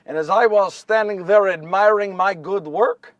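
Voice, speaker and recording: A man's voice: high-pitched, moderate pace, dry recording, distant mic, highs cut off, lightly acted. A man playing young nervous Joseph. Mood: wry. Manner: repetitive, wry storytelling with self-corrections. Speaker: solo stage performer. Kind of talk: first-person dramatic monologue. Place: live stage before an audience.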